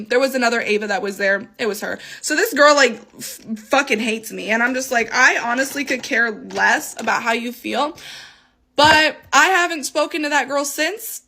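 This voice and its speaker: A young woman telling a storytime tale in a casual, animated way, swearing freely and acting out the voices of people she quotes. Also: a little high. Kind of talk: storytime vlog.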